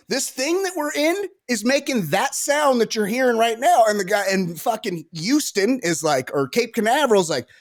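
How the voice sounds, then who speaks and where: A man co-hosting a casual sports podcast, excitable and profane, riffing and joking. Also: very high voice, normal speed, hardly any pauses. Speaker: podcast co-host. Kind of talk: casual chat.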